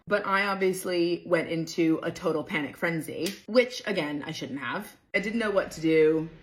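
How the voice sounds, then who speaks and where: A woman's voice: on the low side, low-quality recording. A woman telling a storytime into her phone, wry and self-deprecating as she reflects. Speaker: storytime creator. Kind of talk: casual storytime narration. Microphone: phone camera.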